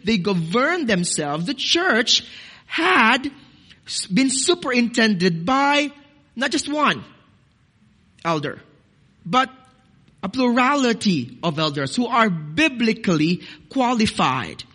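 A man's voice: very high-pitched, big pitch swings, slow pace, long pauses, pushed and bright. A man, a pastor, preaching a sermon to his congregation. He cites scripture, repeats words, and stresses key phrases. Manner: addresses congregation as "dearly beloved".

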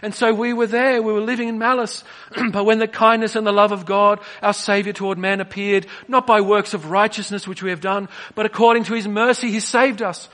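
A man preaching a sermon, swinging between soft, drawn-out phrases and emphatic bursts. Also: sits high, little pitch movement.

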